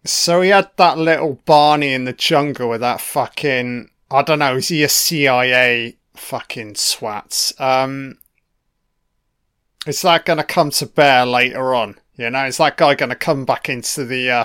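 A man's voice: mid-range voice, a little slow, a bit bright, smooth. A man giving a casual, profanity-filled commentary on a film, reacting to scenes as they play. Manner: heavy swearing, chatty reactions.

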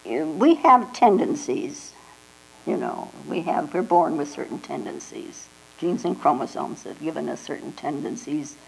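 Older woman, Zen teacher, unhurried dharma talk, gravelly low voice, old tape with mains hum. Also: very animated, poor audio. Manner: slow, reflective, with frequent "you know" and "huh?" asides.

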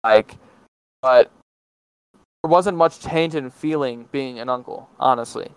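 A man's voice: mid-range voice, measured pace, smooth, dry recording, poor audio. A young man of nineteen chatting casually as a podcast guest, hesitant and full of fillers and restarts. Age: teens. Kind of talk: casual chat.

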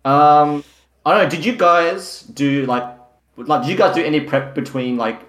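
A man, co-hosting a casual podcast and giving relaxed shout-outs. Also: on the high side, moderate pace. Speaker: podcast co-host. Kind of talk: casual chat. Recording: roomy echo.

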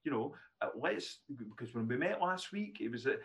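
Man, fifties, lively storytelling, self-deprecating, restarts a lot. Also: mid-range voice, moderate pace. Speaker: guest, neurologist. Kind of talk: casual podcast storytelling.

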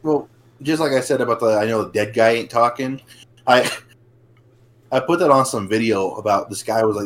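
A man's voice: medium pitch, normal speed, pauses often, poor audio. A man co-hosting a casual podcast, talking in a laid-back way, swearing freely and laughing often. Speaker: podcast co-host. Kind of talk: casual chat.

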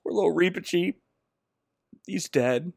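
A man's voice: high voice, unhurried, gravelly, husky, no echo, studio quality. A man giving a jokey, slangy recap of a movie plot, laughing often. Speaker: podcast host.

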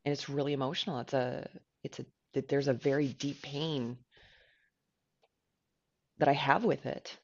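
A woman's voice: extremely low pitch, fairly even intonation, normal speed, long pauses, darkish tone, muffled recording. A woman co-hosting a podcast, talking candidly and emotionally about herself, with lots of "like.". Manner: candid and emotional, with filler likes. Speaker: podcast co-host. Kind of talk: personal podcast conversation.

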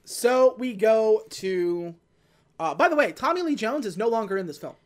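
Animated podcast co-host recapping a film. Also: medium pitch, moderate pace. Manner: animated retelling full of fillers and restarts. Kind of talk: casual movie recap chat.

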